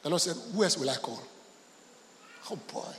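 A man preaching a sermon as pastor, telling stories and acting out the voices in them, swinging from soft, hushed lines to loud shouts. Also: on the high side, lively intonation, normal speed, a little hiss or hum. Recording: long hall reverb.

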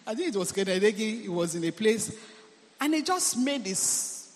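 A man's voice: high voice, very animated, a little slow. A man preaching a sermon as a deliverance minister. He is emphatic, repeats phrases and often calls out hallelujah. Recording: long hall reverb.

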